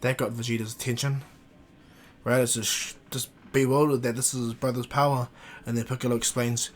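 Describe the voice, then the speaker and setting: A man's voice: mid-range voice, little pitch movement, quick pace, slight background noise. A man casually retelling a fan story in a rambling way, with many restarts and fillers.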